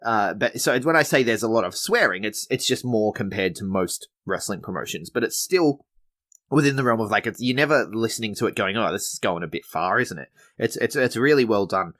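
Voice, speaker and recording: A man's voice: lowish voice, animated, a little fast, fairly bright tone. A man hosting a wrestling podcast, recapping episodes in a chatty, laid-back way with frequent restarts. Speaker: podcast host reviewing wrestling shows. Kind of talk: casual recap commentary.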